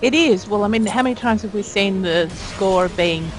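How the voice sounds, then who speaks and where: A woman's voice: mid-range voice, moderate pace. A woman co-hosting a game livestream, trading self-deprecating banter with her partner while they play. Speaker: co-host and fellow player. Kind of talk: casual gaming chat.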